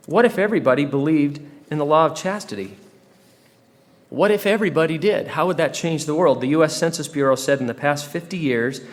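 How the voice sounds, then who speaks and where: Joking church speaker in a big hall. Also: male voice, mid-range voice. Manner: joking asides, rhetorical questions, dramatic pauses. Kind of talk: humorous devotional talk to youth. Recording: live talk in a large hall with long reverb.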